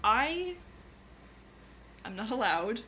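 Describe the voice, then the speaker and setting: A woman's voice: on the high side, very animated, drawn-out words, pushed and bright. Chatty woman. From Maritimes, Canada. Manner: chatty, joking, many "like"s. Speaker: co-host. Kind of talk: casual Q&A chat. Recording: music playing in the background. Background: background music.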